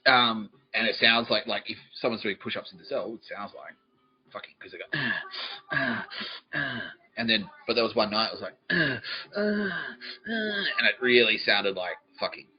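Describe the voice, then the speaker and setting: A man's voice: on the low side, steady tone, fast talker, husky. A man hosting a podcast, telling a rambling comic story full of swearing, laughing often and mimicking other people. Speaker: podcast host. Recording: dull lo-fi sound, faint music behind.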